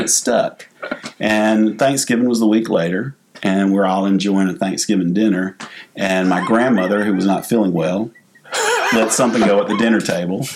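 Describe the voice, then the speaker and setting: A man's voice: lowish voice, slight background noise. A man with a Southern US accent telling funny stories on a casual podcast, laughing as he talks. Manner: drawling, laughs through his stories. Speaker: podcast host. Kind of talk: casual storytelling chat.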